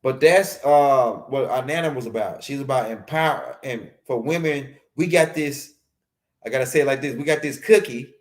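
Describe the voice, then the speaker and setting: A man's voice: medium pitch, normal speed. A man giving a casual, rambling lecture on a livestream, repeating himself and using street slang. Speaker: host of a spiritual teaching stream.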